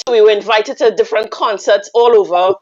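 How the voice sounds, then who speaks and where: A Trinidadian woman guest telling a teasing, animated story with frequent laughter. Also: mid-range voice, fairly quick, highs cut off. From Trinidad and Tobago. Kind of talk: casual storytelling on a radio call-in.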